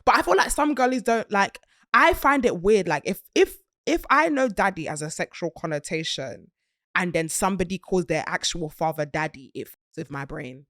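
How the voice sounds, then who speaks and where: A British woman hosting a casual chat, her voice swinging lively up and down as she giggles through her stories. The sound is close and dry, with no room around it. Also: on the low side, moderate pace, no echo. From Britain. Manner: giggly, animated, bursts of laughter. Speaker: podcast host.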